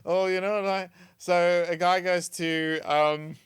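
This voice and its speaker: A man's voice: sits high, fairly even intonation, slow pace, clear, resonant tone, no room sound, studio quality. A man with a South African accent co-hosting a comedy podcast, rambling and giggling as he talks. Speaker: podcast co-host. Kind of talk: casual comedy chat.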